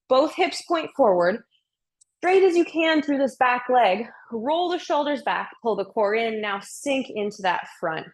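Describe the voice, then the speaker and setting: A young woman leads a yoga flow, counting down breaths and cueing poses with playful energy. Her voice sits a little high, and she sounds slightly out of breath from moving along with the class. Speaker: yoga instructor. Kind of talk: guided yoga class instruction.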